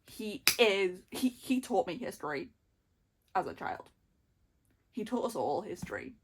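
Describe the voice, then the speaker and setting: A young woman, chatting excitedly about books in a casual reading vlog, gushing and repeating herself. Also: medium pitch, breathy edge. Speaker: book vlogger.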